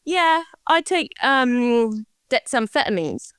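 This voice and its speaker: A woman's voice: on the high side, sing-song, slow, a bit bright, smooth, dry recording. A cheerful woman from Somerset, England, with a Somerset accent, a podcast guest chatting and laughing easily. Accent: Somerset English. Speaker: podcast guest, ADHD accountability partner. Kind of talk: casual podcast conversation.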